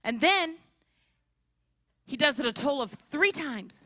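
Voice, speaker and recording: A woman giving a storytelling sermon at a church conference, animated and acting out the people in her story. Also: sits high, unhurried, no echo, studio quality. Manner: animated, acts out characters' voices. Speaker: conference speaker. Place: church hall.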